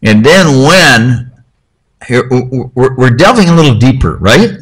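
A man's voice: medium pitch, sing-song, unhurried, a bit bright, slightly rough. A pastor preaching a sermon in church, talking conversationally and checking in with "okay?" as he restarts his phrases.

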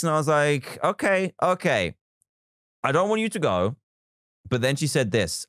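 A man's voice: fairly high pitch, sing-song, moderate pace, pauses often, fairly bright tone, no echo, clean studio sound. A man hosting a live game stream in a playful, chatty manner, thanking viewers as he plays. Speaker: livestream host.

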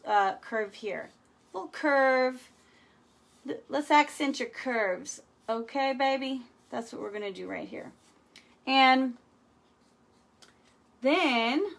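High-pitched woman hosting a painting livestream; chatty, playful teacher who checks in often. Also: fairly bright tone. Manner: playful made-up words. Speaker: furniture painting instructor. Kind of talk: casual livestream demonstration. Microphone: phone or camera livestream.

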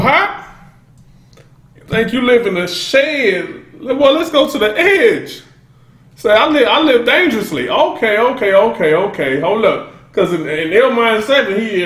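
Excitable high-voiced man reacting, echoey room. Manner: excitable, keeps interrupting with "hold up"; bursts into laughter and shouts. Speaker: music reaction host. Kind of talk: casual reaction commentary.

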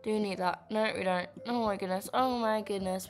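Young woman, casual gaming vlog, chatty and filler-heavy, soft murmurs, faint music behind. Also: mid-range voice, steady tone, fairly quick, creaky. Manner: chatty, filler-heavy, quiet murmuring while she works. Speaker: gaming vlogger. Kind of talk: casual gameplay commentary.

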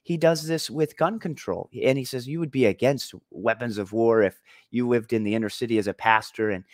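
A man's voice: medium pitch, fairly quick, no echo. Male vlog host delivering emphatic, argumentative opinion commentary; mid-range voice, dry recording.

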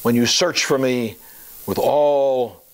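A man's voice: medium pitch, a little hiss or hum, low-quality recording. Man preaching a sermon in a conversational way. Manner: conversational preaching with fillers and rhetorical questions; slows to a deliberate cadence when reading scripture. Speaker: pastor.

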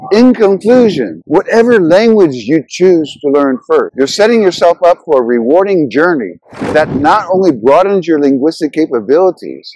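Male language-lesson host, fairly high voice, dry close sound, explanatory and careful with example words. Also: darkish tone, dry recording, poor audio. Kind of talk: scripted language lesson narration.

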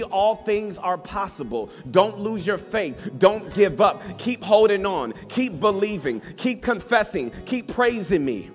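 A male pastor delivering a sermon, reading scripture and then pressing his listeners with fervent encouragement. His voice sits slightly on the higher side for a man. It rings out with the long echo of a large hall, while a guitar plays softly in the background. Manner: fervent, exhorting. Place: church hall with live congregation. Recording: long hall reverb, soft guitar behind.

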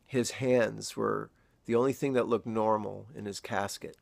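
Slow, gravelly-voiced grieving father. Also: lowish voice, fairly even intonation, darkish tone, no room sound. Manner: halting, reflective, pausing often. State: emotional, near tears. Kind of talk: personal video diary.

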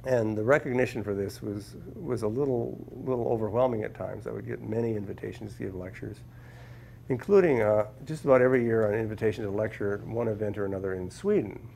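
Male guest scientist from Minnesota, raspy low voice, wry storytelling with restarts. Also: quick pace, a little mellow, slight background noise. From Minnesota, USA. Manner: humorous storyteller, repeats words while finding them. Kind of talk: anecdotal talk to a class. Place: lecture room with a live audience.

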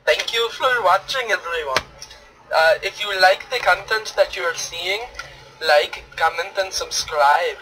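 A man's voice: high voice, a little slow, bright, forceful tone. A man putting on an Indian accent to deliver a stiff, formal video outro. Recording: distant mic with clear background noise.

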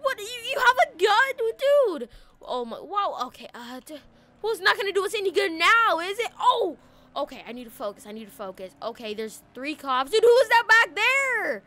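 A woman commentating a police chase in a game, frantic and panicky, often shouting and repeating herself. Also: extremely high pitch, very animated, moderate pace. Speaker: gaming video creator.

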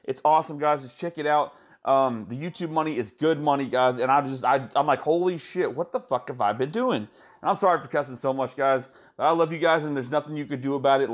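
A man talking fast and excitedly in a casual vlog, swearing a lot and calling his viewers "guys.". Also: fairly high pitch. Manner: excited, profane, repeats "guys". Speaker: crypto YouTuber.

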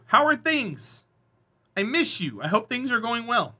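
A man's voice: very high voice, very animated, unhurried, bright, forceful tone. A man live streaming, chatting casually with his viewers and teasing them with jokes. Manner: joking, teasing, laughs often.

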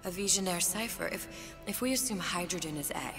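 Wry, clever young woman voiced by a woman, lowish voice, game dialogue with music. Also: natural voice. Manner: dry, wry, quick-witted.

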